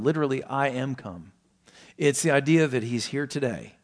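A man preaching a sermon, telling a story with emphatic rises and soft, low passages. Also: moderate pace. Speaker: pastor.

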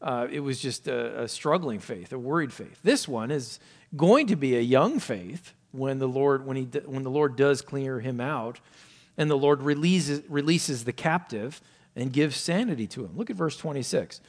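A male pastor preaching a sermon, asking rhetorical questions and swinging from loud emphasis down to hushed, low asides. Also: expressive, moderate pace. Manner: asks many rhetorical questions.

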